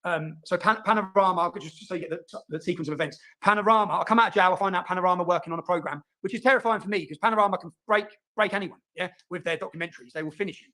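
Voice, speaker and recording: A man telling his own story, fast and emphatic, often repeating words and asking "yeah?". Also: high voice, pushed and bright. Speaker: interviewee in played clip. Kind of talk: animated personal storytelling.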